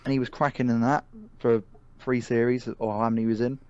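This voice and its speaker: A man's voice: medium pitch, level tone, fast, darkish tone, dry recording. A man co-hosting a casual podcast chat, rambling and hesitant with many fillers. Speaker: podcast co-host. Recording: dry, dull lo-fi sound.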